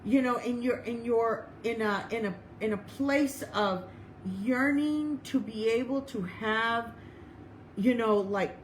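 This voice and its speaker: Woman chaplain, sermon, higher voice, unhurried delivery, faint hiss behind. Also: low-quality recording. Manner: reads slowly and deliberately, then chats with fillers and restarts. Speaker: chaplain and reverend. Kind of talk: informal sermon with reading and personal story.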